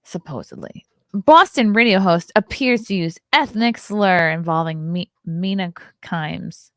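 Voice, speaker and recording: A woman's voice: on the low side, measured pace, no echo, clean studio sound. Chatty woman hosting a livestream. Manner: chatty, reads headlines aloud with sarcastic asides. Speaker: host of a morning livestream show. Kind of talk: casual livestream commentary.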